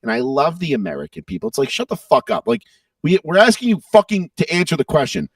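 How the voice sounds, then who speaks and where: Brief: gravelly, lively male podcast co-host, profane and mocking, heard from a distance. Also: a little high, fast, no echo. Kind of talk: casual political podcast chat.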